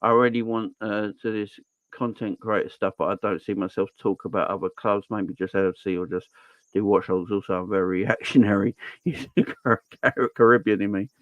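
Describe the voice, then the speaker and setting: A man's voice: fairly low pitch, fairly even intonation, a little fast, no room sound, highs cut off. A man hosting a football channel's live stream Q&A, chatting casually and earnestly, repeating phrases for emphasis as he makes his points.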